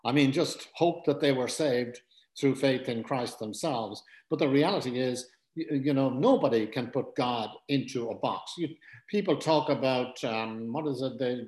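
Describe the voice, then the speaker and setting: A man's voice: medium pitch, roomy sound, low-quality recording. A man preaching a conversational Bible teaching, talking plainly with frequent fillers and self-corrections.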